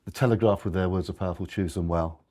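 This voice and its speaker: A man's voice: low voice, steady tone, fast, mellow. A man giving a conversational slide talk to an audience, often restarting and correcting himself. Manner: rambling, restarts, self-corrections.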